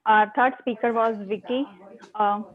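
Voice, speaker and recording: A woman's voice: a little high, steady tone, unhurried. Woman evaluating a speech over a tinny line. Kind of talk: speech evaluation at a club meeting.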